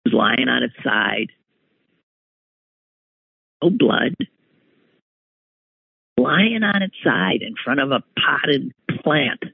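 Man, husky voice, swooping animated delivery, dry close sound, rambling anecdote. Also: medium pitch, slow, pauses often, dry recording. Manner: animated, exclaiming, self-interrupting. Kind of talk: personal anecdote monologue. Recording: tinny phone-like line, dry.

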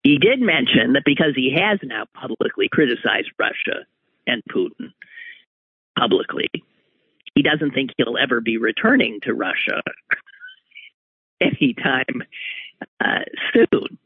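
Male talk host, slow and husky, opinion monologue over a tinny phone-like line. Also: medium pitch, sing-song, no room sound. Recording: tinny phone-like radio audio.

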